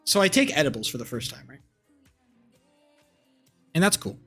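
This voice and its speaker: A man's voice: fairly high pitch, big pitch swings, moderate pace, fairly bright tone, faint music behind. A young man streaming live, rambling casually with crude language and lots of fillers and restarts.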